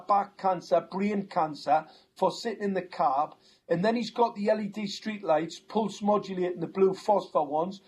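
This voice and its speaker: A man's voice: high-pitched, darkish tone, breathy edge. A man with a Geordie accent, talking insistently on a chat show and repeating words when he gets going. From North East England. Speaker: guest. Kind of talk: conversational talk-show chat.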